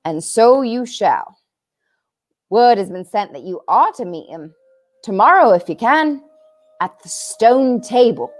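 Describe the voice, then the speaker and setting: A woman's voice: fairly high pitch, sing-song, a little slow, faint music behind, voice pushed up. A woman voicing an earnest, kindly male talking beaver in a storybook, with a folksy drawl that creeps into his speech. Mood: emphatic.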